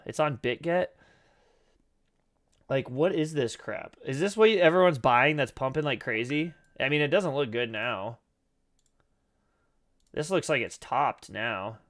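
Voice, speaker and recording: A man's voice: mid-range voice, expressive, slow pace, pauses often, a bit bright. A man casually talking through trading charts on a live stream, rambling and loose with the occasional curse word, his voice scratchy and cracking. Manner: rambling, loose and profane, many fillers. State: throat scratchy, clearing it often.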